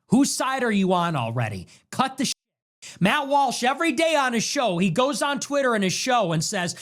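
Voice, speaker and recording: A man's voice: high voice, fairly bright tone. A man hosting a livestream, ranting emphatically with heavy repetition, his voice strained after hours on air. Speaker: livestream host. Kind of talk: heated livestream monologue.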